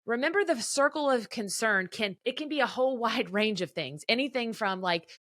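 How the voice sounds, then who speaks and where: A woman in her thirties talking to listeners in a casual, chatty advice style, animated and laughing easily. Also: fairly high pitch, moderate pace, no room sound, clean studio sound. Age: 30s. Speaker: podcast host.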